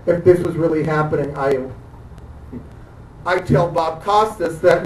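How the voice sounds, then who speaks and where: A man doing dark stand-up comedy on a club stage, halting and hesitant, full of fillers and restarts, chuckling at his own jokes. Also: high voice, crowd noise. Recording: echoey room, distant mic, audience noise.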